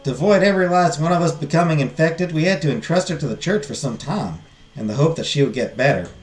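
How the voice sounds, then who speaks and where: Guy putting on a sad young farm girl w/ a southern drawl, slow sorrowful telling, echoey room, faint music. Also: a little high, expressive, close to an everyday voice. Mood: wistful. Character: wistful young woman farmer mourning her siblings. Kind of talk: reading game dialogue aloud.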